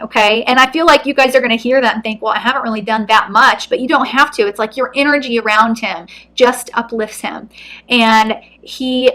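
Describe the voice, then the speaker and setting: Woman tarot reader, gentle and earnest, near tears, slightly high voice. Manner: soft, earnest, emotional. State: close to tears. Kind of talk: intuitive card reading to camera.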